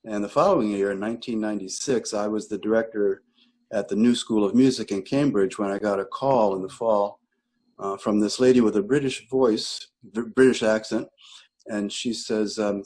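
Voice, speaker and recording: A man's voice: lowish voice, steady tone, normal speed, darkish tone, low-quality recording. An older man, a retired choral director, telling long rambling anecdotes in an interview, correcting himself as he goes. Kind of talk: relaxed interview storytelling.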